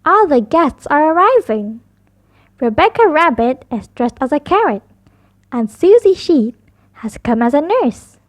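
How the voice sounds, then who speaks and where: A woman reads toddler bedtime stories aloud. Her voice is high and lilting. She takes each line slowly and with care. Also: big pitch swings. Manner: slow, sing-song storytelling. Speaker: storybook reader.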